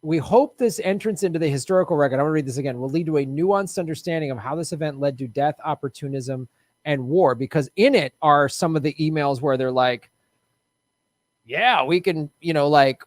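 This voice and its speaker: Playful guy cohost, bit high voice, dry close sound. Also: fast, darkish tone, no echo. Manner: playful, laughing, slips into joke accents. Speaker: co-host. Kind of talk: casual political comedy chat.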